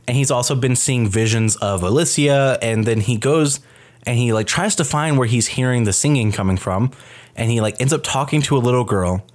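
A man hosting a podcast, retelling a film scene in casual chat, animated and profane. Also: mid-range voice, moderate pace. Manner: animated, profane storytelling with many fillers. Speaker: podcast host reviewing a film.

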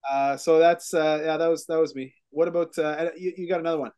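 A man's voice: on the high side, fairly even intonation, brisk, mellow, clean tone. A man hosting a casual real estate podcast, speaking in a voice that sits a little above the usual male range. He tells stories in a rambling, self-mocking way, full of "uh" and restarts, into a studio microphone. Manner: rambling self-mocking storyteller, many fillers.

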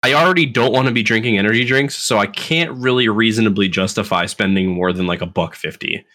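A man's voice: on the low side, fast, pushed and bright. A man co-hosting a podcast in casual chat, laid-back, blunt and given to swearing. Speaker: podcast co-host.

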